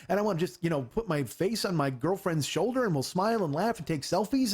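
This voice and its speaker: A man in his forties hosting a comedy podcast, telling a story in a rapid, excitable, profane monologue. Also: high-pitched, breathy edge. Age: 40s.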